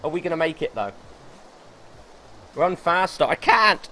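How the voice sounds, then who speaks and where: A young man streaming gameplay live, excitable and swearing as he talks himself through the match. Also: a little high, unhurried, pauses often. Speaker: gaming streamer.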